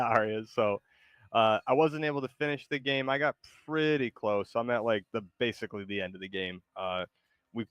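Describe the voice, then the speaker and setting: A man's voice: medium pitch, fairly bright tone, clean tone, dry recording. A man hosting a stream in casual chat, rambling and hesitant with lots of fillers. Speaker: streamer host.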